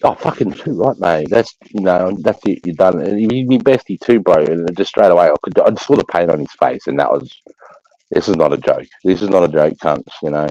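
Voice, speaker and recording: A man's voice: low voice, brisk, mellow, muffled recording. A man telling rambling, crude war stories in casual chat, swearing constantly and laughing.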